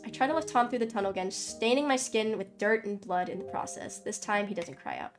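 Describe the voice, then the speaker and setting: A woman streamer reading a story game aloud, excitable and dramatic, breaking off her narration for outbursts. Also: medium pitch, fast, few pauses, soft background music.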